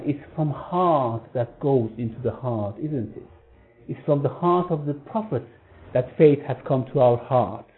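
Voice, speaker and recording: A man delivers a religious lesson in a storytelling way, his voice set a little higher than most men's. He often stops mid-phrase to restart and rephrase. The sound is thin and phone-like, with a faint hiss underneath. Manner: halting, with frequent restarts and rephrasing. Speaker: religious teacher. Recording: tinny phone-like line with faint noise.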